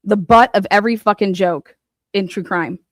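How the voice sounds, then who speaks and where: A woman's voice: medium pitch, moderate pace, dry recording, studio quality. A woman true crime commentator in an angry, profane rant, cursing and mocking the people she talks about.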